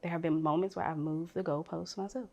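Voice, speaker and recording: Woman getting real in a group convo, goes quiet then loud, super frank. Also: on the low side, steady tone, fairly quick, vocal fry, lo-fi sound, crowd noise. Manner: emotional, frank, swings from soft to loud. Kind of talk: candid panel conversation.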